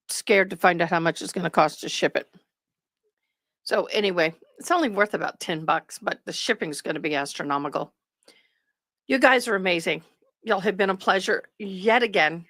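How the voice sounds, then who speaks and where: A woman's voice: mid-range voice, no echo, studio quality. Chatty woman livestream host. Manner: chatty, rambling, warm toward viewers. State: tired. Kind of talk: casual chat with live viewers.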